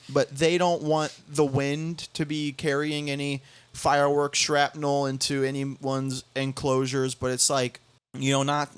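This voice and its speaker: A young man hosting a podcast, telling a story in casual chat, halting with many restarts and quoting others in bouncy voices. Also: fairly high pitch, a bit bright, clear, resonant tone, no echo. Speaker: podcast host.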